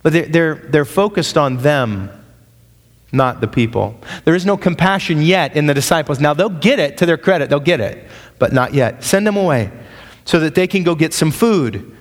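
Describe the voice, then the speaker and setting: A man's voice: on the high side, moderate pace. Male pastor preaching in a reverberant hall. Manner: conversational, joking asides, verse-by-verse. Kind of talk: sermon. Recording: long reverb of a large hall.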